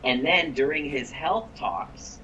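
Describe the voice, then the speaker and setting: A man, a chiropractic coach and guest, telling a story on a live call in an energetic way, quoting people as he goes. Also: fairly high pitch, slow, lo-fi sound, a little hiss or hum. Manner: energetic, quotes people in the story, repeats words when excited.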